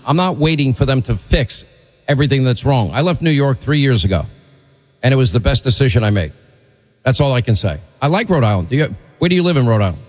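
A man's voice: mid-range voice, long reverb tail. A man hosting a talk radio show, blunt and opinionated, bantering with callers.

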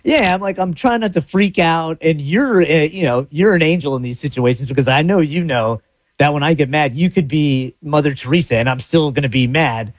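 A man's voice: a little high, animated, fairly quick, no room sound, muffled recording. A man from South Florida co-hosting a radio show, rambling and acting out his inner monologue as he tells a story. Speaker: radio co-host. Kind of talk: casual radio talk.

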